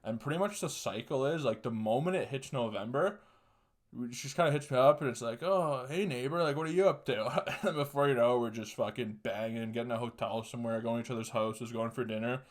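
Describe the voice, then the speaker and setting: A man's voice: medium pitch, fast talker. A young man hosting a solo podcast, telling a story casually, swearing constantly and laughing mid-sentence. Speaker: podcast host.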